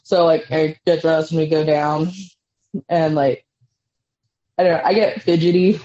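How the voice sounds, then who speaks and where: A woman's voice: low voice, steady tone, a little slow, warm tone. A woman comedian telling stories casually as an interview guest over a video call, acting out what people said to her. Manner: storytelling, acts out quotes with lots of "like". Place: apartment above a bar. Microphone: headphones on a video call. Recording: dull lo-fi call audio.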